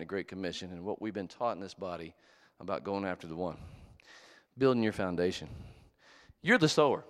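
A middle-aged man preaching a sermon as a pastor. He tells jokes and stories and shouts for emphasis. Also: on the low side. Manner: animated, joking storyteller who shouts for emphasis. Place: church hall. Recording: long reverb of a large hall.

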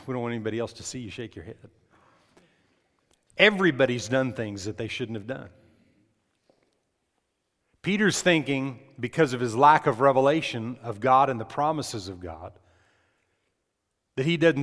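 A man preaching an emphatic sermon, pitched in an ordinary middle range. He puts questions straight to the congregation, and a long reverb trails each phrase. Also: animated, normal speed, long pauses, a bit bright. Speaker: pastor.

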